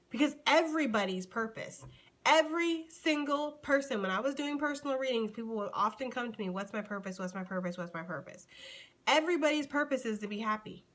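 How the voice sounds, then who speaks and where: A woman from the United States giving a casual tarot reading to her viewers. Her voice sits a little high, and she is chatty and animated. She keeps calling the listener honey and sweetie. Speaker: tarot reader.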